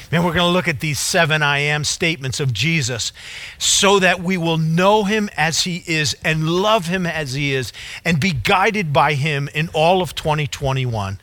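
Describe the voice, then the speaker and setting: A man's voice: high-pitched, lively intonation, unhurried, sharp tone, no room sound. A male pastor preaching a sermon and leading a prayer, earnest, with emphatic repetition.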